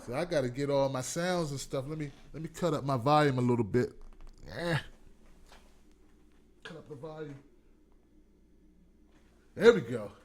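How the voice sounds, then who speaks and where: A man in his forties hosting a comedic talk show, talking in an animated, profane way and acting out voices. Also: medium pitch, normal speed, pauses often. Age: 40s. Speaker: host.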